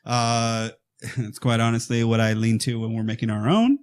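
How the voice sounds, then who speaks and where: A man co-hosting a horror podcast, casually and excitedly retelling a movie and acting out its lines. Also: mid-range voice, normal speed. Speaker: podcast co-host.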